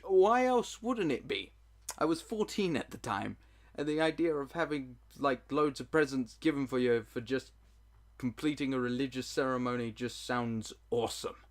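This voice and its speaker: A young man telling a childhood story to camera in a casual vlog, joking at his own expense and swearing freely. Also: mid-range voice. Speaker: storytelling vlogger.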